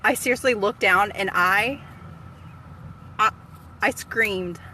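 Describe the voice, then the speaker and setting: Woman vlogger, casual live-stream from her car, drawn-out squealy delivery, faint road noise. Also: medium pitch, bright, forceful tone. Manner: squealing, freaked out, exclaiming. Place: parked car outdoors.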